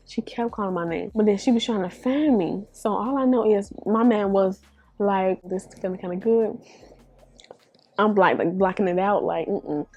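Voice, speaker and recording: A woman in her twenties, from Chicago, telling a casual storytime vlog in a chatty, animated way, talking straight to her viewers. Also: medium pitch. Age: 20s. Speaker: beauty vlogger.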